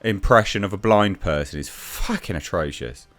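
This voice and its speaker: Blunt, lively man reviewing. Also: deep voice, moderate pace, soft background music. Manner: blunt, exasperated, with frequent restarts and swearing. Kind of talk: casual review rant.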